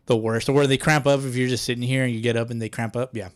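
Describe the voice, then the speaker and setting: A man's voice: medium pitch, steady tone, fast talker. Fields: Sex: man. Role: podcast co-host. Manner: crude, joking. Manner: crude, joking, laughs often. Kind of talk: casual chat.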